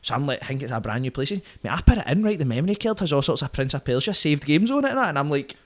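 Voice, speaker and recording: A man's voice: a little high, sing-song, rapid-fire. A man in his twenties with a Glaswegian accent, a podcast guest telling profane, vivid stories in casual chat, punctuated by "right?" and "mate". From Scotland.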